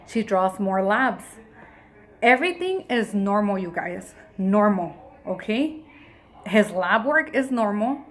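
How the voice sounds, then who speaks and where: A woman's voice: mid-range voice, slow pace, slight background noise. A woman in her thirties, a mother, telling a personal story in a casual, emotional way, often acting out what people said. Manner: emotional, animated retelling with quoted dialogue. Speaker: mother and vlogger.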